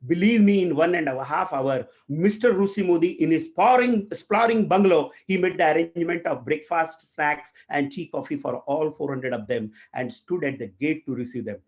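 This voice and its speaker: A man's voice: on the high side, moderate pace, few pauses. A man with an Indian English accent, a corporate trainer telling a motivational story and speaking directly to his audience.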